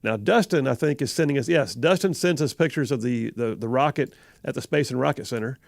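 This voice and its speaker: A middle-aged Southern-accented man hosts a call-in radio show in a casual, rambling way. His voice has a gravelly edge at a middle pitch. The studio sound is close and dry. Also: brisk, no room sound. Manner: rambling, chuckling, self-correcting. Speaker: radio talk show host. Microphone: studio microphone.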